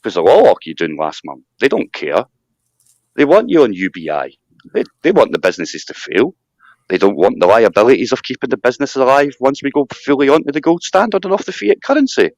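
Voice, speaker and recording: Scottish male host, rambling and animated, pitch jumps all over, dry close sound. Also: brisk, no room sound. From Scotland. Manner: animated rambling rant with mocking asides. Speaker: live stream host. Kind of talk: casual chat.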